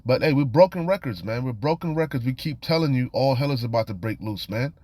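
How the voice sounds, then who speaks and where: A man preaching in an informal, streetwise manner, reading verses aloud and then explaining them in plain talk. His voice sits at a medium pitch, and he keeps dropping in "you know" and "man". The sound is dry and close, with no room echo. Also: expressive, brisk, mellow. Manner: reads scripture aloud then comments. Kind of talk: informal scripture teaching.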